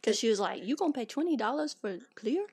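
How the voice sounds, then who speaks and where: A woman's voice: a little high, animated, fast, a little mellow, slightly rough. A woman co-hosting a casual chat, teasing her friend and jumping in with quips. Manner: teasing, interjecting, laughs often. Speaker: podcast co-host.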